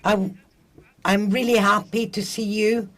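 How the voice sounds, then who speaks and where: A young woman from Congo asks a question in English. She speaks earnestly at a middle pitch, hesitating while she looks for the words. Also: little pitch movement, measured pace. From Democratic Republic of the Congo. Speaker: audience member asking a question.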